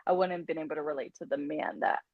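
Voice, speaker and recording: A woman's voice: low-pitched, steady tone, fast, phone-quality sound. A woman guest in a candid interview, speaking earnestly and laughing often. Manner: earnest, laughs often, acts out what she would tell her younger self.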